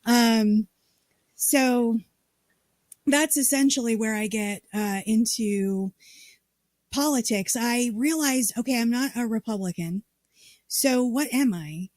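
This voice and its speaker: A woman's voice: fairly high pitch, slow, pauses often, a little mellow, dry recording. A woman from Colorado, a state party chair, telling her story in a casual interview and acting out the dialogue.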